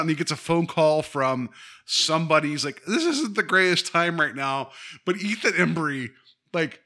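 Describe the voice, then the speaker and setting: A man in casual conversation about a TV episode, animated and quick to laugh. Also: fairly high pitch. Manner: animated, laughs often, acts out quoted lines.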